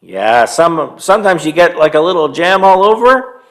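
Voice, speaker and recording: A man telling a story to young children, animated and stopping to quiz them and have them join in. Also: fairly high pitch, normal speed. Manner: animated, quizzes young listeners.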